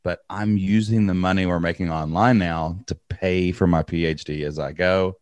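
A man, telling energetic stories in an interview and acting out quotes. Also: deep voice, moderate pace, clean tone, no echo. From Kentucky. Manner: energetic, repeats words, acts out quotes. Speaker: podcast host and guest. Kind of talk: animated storytelling interview.

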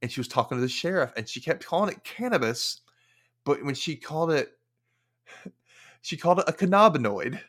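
A young man hosting a podcast, casually recapping an episode with animated storytelling and wry quoted asides. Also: a little high, moderate pace, pauses often. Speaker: podcast host.

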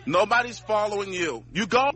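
A man's voice: high-pitched, lively intonation, moderate pace, sharp tone, some chatter behind. A man in a filmed street confrontation, preaching at a stranger in a mocking way and laughing between rebukes.

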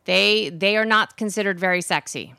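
Bright-voiced female radio co-host. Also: mid-range voice, moderate pace, creaky, clean tone, no echo, studio quality. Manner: matter-of-fact, reading items from a list. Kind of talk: casual radio chat.

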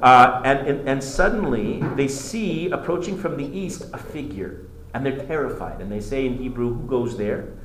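A man's voice: medium pitch, moderate pace, a crowd in the background. Male teacher telling history in an echoey room. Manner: animated storytelling with frequent restarts. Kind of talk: classroom lecture. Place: classroom. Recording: echoey classroom with faint noise.

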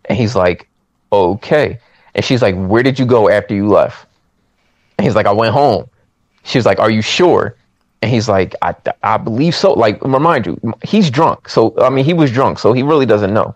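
A man's voice: on the low side, normal speed, no echo. A man in casual chat, retelling a movie's plot and acting out the characters' lines. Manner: animated storytelling, acts out characters' lines. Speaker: movie recap podcaster.

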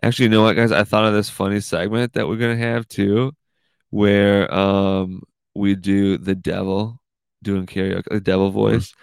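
A podcast host with a lowish, creaky yet smooth voice speaks at a moderate pace in a steady tone, with no room sound. In a casual monologue on his own show, he rambles goofily and says "dude" on nearly every line.

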